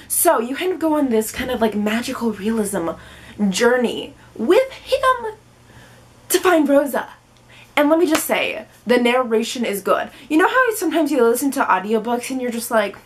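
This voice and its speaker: Young woman, twenties, book vlogger; high, bubbly, playful delivery for a casual talk to camera. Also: sing-song, measured pace. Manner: bubbly and playful, jumps into silly voices.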